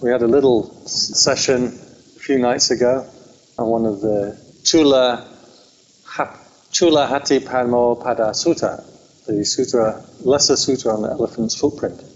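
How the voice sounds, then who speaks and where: A man's voice: medium pitch, moderate pace, muffled recording, a little hiss or hum. A man with an English accent giving an informal Buddhist dharma talk at a meditation centre, chatty and self-deprecating. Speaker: Buddhist teacher.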